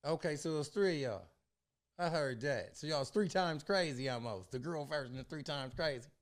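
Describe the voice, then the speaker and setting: A man hosting a podcast interview, asking questions in a lively, slangy way. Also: a little high, fairly quick. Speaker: podcast host. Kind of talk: casual interview chat.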